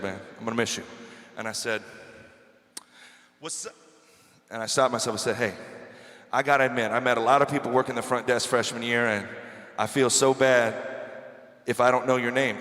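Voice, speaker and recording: A man's voice: mid-range voice, a bit bright. A man in his forties, a bar singer chatting and telling stories to the crowd between songs, on a stage microphone. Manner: chatty, joking storyteller working the crowd. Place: bar stage with live band. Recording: echoey live bar room with music. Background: band music and guitar.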